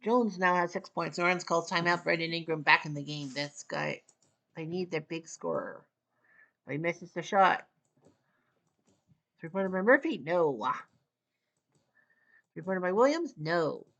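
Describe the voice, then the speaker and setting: A woman from Canada calling a basketball video game in casual solo play-by-play, with clipped calls and wry asides. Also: lowish voice. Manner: clipped, rapid calls, wry asides, rising excitement near the end. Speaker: play-by-play commentator.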